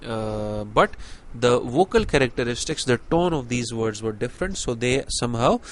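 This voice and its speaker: A man's voice: mid-range voice, lively intonation, normal speed. A young man giving a university lecture, explaining step by step with many fillers and frequent rhetorical "right?" checks.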